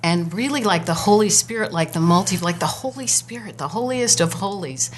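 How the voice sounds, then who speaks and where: A woman chatting as guest co-host, telling a personal story with lively, acted-out quotes and spiritual talk. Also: mid-range voice, a little fast, slight background noise. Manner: animated storyteller, acts out quoted voices. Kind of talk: casual spiritual chat.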